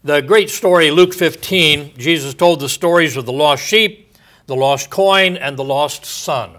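This preacher, likely an older man, has a fairly high pitch. He gives his sermon slowly and with deliberation, letting his phrases soften and trail off.

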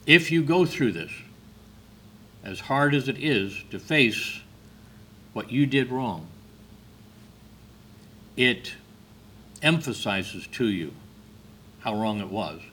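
A man giving a sermon, telling stories in a slow, measured way with brief hesitations. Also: on the low side, sharp tone, a little hiss or hum. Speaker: preacher.

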